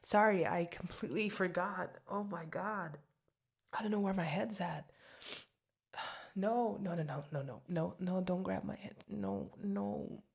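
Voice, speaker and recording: A woman's voice: fairly low pitch, unhurried, gravelly, husky, exaggerated voice. A young woman voicing an apologetic, chatty girlfriend in an ASMR girlfriend role-play, rambling and giggly. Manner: rambling, giggly and self-deprecating. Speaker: voice actress.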